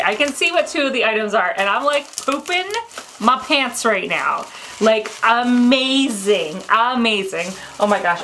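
A woman chatting to viewers while unboxing, gushing and excitable and squealing with delight. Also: fairly high pitch, slight background noise. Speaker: unboxing vlogger. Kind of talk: casual unboxing chat to viewers.

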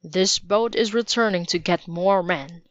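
Woman reading angry army general, quiet stern voice, slow, lo-fi. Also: lowish voice, no echo, natural voice. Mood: commanding. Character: stern commanding male general, furious.

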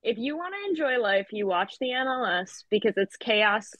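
A woman's voice: a little high, lively intonation, normal speed, over a noisy crowd. A woman in a casual panel chat, talking eagerly and jumping in over the others.

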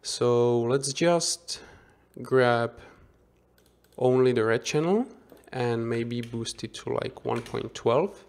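A man of middle pitch talks slowly and unhurriedly through a screen-recorded software tutorial. He thinks aloud as he works, often restarting a phrase and correcting himself partway through. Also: vocal fry. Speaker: 3D visualization instructor.

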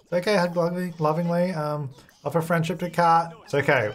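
A man's voice: a little high, fast. Chatty young man laughing through gameplay. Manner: chatty, laughs often, talks to game characters. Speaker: gaming video creator. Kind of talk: casual let's-play commentary.

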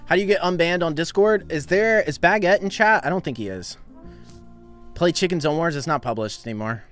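A man's voice: fairly high pitch, brisk, a bit bright, soft background music. A young man casually chatting on a live game stream, laughing often and reading out viewer donations. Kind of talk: casual live-stream chat while gaming.

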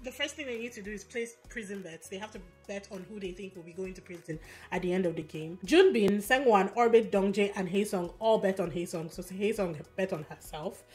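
A woman giving a casual, animated recap of a competition show, telling the story quickly with fillers and quick asides. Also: medium pitch. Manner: animated, fast storytelling with fillers and acted quotes. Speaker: recap vlogger.

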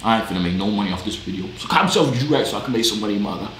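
Animated joking man on a video chat. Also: on the low side, rapid-fire. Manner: loud, animated, joking, slangy. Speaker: vlogger chatting with strangers online. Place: gaming room with sound panels. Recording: echoey room, faint background noise.

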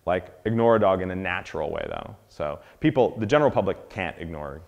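A man giving a casual, animated dog-training lesson, acting out dogs and people in quick quoted voices. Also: deep voice, vocal fry, big-room sound, dull audio. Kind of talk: casual instructional talk.

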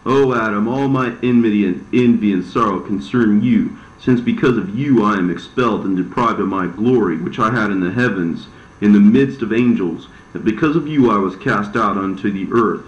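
A man voicing the devil, an envious, deceitful fallen angel who talks in a smooth but aggrieved way. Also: fairly low pitch, moderate pace, close to an everyday voice. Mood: bitter. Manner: smooth-talking, bitter, aggrieved. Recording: roomy, slightly dull recording.

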